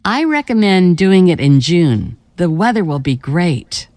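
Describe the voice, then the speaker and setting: Brief: bright, encouraging young woman, lively intonation, dry studio textbook read. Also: lowish voice, measured pace, no room sound. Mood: cheerful. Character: cheerful young woman giving helpful ideas. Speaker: textbook audio dialogue speaker. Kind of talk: scripted textbook dialogue.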